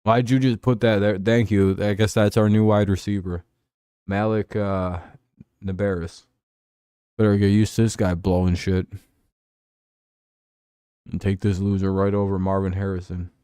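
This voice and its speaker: A man with a fairly low voice rants about football on his own show, profane and sarcastic. The sound is dry and close, with no room around it. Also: little pitch movement, normal speed, pauses often, mellow, smooth, no room sound. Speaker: host. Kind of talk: casual football talk show.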